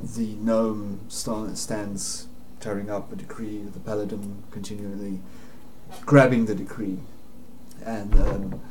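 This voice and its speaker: A man narrating as dungeon master in a casual tabletop game, halting with many "um"s and laughing between lines, over noisy home audio. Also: lowish voice, flat delivery, a little mellow.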